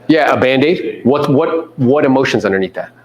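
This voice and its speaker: A man's voice: medium pitch, lively intonation, moderate pace, muffled recording, crowd noise. A man giving a live motivational seminar to a room of agents, quizzing the audience and mimicking people in playful voices. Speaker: real estate coach speaking to agents.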